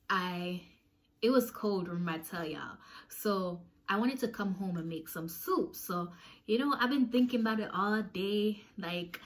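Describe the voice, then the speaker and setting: A young woman casually telling a storytime, talking animatedly and swinging her pitch as she acts out what people said. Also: fairly bright tone. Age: young adult.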